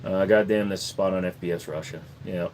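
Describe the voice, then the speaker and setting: A man's voice: deep voice, steady tone, a little fast, a little mellow, slight background noise. Jokey man hosting a livestream. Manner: jokey, slips into accent impressions. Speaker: livestream host. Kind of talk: casual livestream Q&A chat. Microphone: desk microphone.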